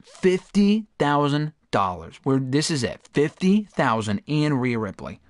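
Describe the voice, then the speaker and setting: Animated, profane gaming streamer. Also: male voice, on the high side, unhurried, no echo. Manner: chatty, profane, erupts into loud frustrated outbursts. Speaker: gaming livestream host. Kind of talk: casual livestream commentary while playing.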